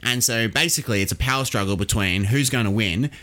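A man's voice: mid-range voice, fast talker, sharp tone. An Australian man hosting a podcast, explaining history casually and quizzing his co-host.

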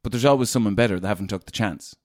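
A man's voice: lowish voice, racing, a little mellow, no room sound, studio quality. A man from Leitrim, a radio presenter speaking frankly and colloquially as an interview guest. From Ireland, Leitrim. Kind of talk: casual conversational interview.

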